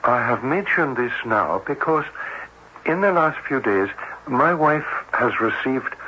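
An actor playing a cautious, formal cardiologist, speaking in a measured, hesitant way in an old-time radio drama. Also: male voice, mid-range voice, animated, sharp tone. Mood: grave. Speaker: doctor. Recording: dull old radio broadcast with faint hiss.

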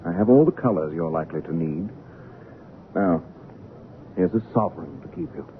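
A man's voice: sits low, expressive, moderate pace, a little hiss or hum. An actor playing a brusque, commanding male artist in an old radio drama. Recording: tinny lo-fi old radio recording.

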